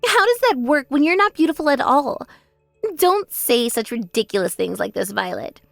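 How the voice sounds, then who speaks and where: A woman's voice: high voice, sing-song, normal speed, gravelly, no echo, soft background music, full character voice. A woman voicing a spoiled younger sister who boasts and mocks in a text-message story drama. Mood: indignant. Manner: mocking, taunting, gloating.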